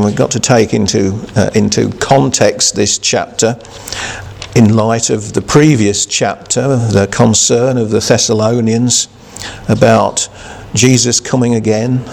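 A male preacher delivers a sermon at an unhurried, deliberate pace. His voice carries a gravelly texture, and he speaks haltingly, often restarting his sentences. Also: mid-range voice, darkish tone, big-room sound. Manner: slow, halting, many restarts and fillers. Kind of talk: sermon with scripture reading.

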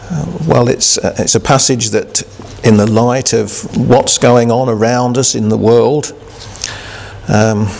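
A man preaching a sermon who reads scripture, then speaks haltingly with many restarts and fillers. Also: mid-range voice, vocal fry, in a large hall, a little hiss or hum.

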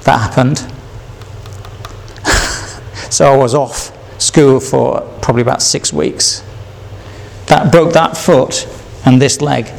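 An older man recounts his life story as a spoken testimony, circling back over his words and chuckling now and then. His voice is gravelly and sits at an ordinary middle pitch. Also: slow, long pauses. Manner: rambling, repeats himself, chuckles between stories. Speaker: speaker sharing his testimony.

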